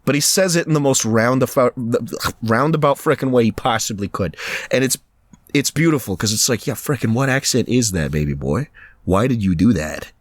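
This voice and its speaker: A man co-hosting a casual podcast chat, animated, laughing often and slipping into mock voices. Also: mid-range voice, normal speed, no room sound. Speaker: podcast co-host.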